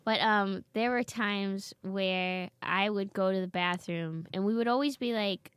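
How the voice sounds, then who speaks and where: A woman's voice: medium pitch, a little slow, hardly any pauses, clean tone, no echo. A woman comedian telling stories in a casual chat, acting out her family's lines. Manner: animated, acts out family members' lines. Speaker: comedian guest. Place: basement studio.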